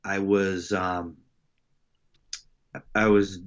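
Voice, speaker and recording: Middle-aged coach, very low voice, reflective and halting; slightly dull lo-fi audio. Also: male voice, level tone. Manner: reflective, halting with many fillers and restarts. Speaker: wrestling head coach, podcast guest. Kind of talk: casual storytelling interview.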